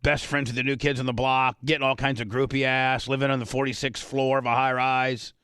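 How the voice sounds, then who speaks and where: A man's voice: medium pitch, level tone, fairly quick, a bit bright, clean tone, no room sound, studio quality. A man hosting a talk radio show, telling blunt, brash stories in casual banter. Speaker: radio host.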